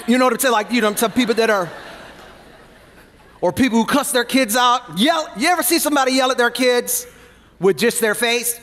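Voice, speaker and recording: A man preaching a sermon as pastor, playful and animated, joking with the congregation between points. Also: very high-pitched, brisk, in a large hall. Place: church hall.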